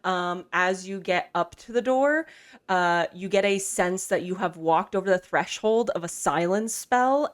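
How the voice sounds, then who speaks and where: A woman running a tabletop game, narrating scenes in a casual, chatty way. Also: lowish voice. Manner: casual, chatty, laughs easily. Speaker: game master.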